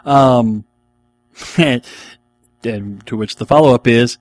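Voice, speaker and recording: A man's voice: mid-range voice, slow, pauses often. A man hosting a podcast, answering listener questions in an enthusiastic, rambling casual chat. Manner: enthusiastic, rambling, laughs often.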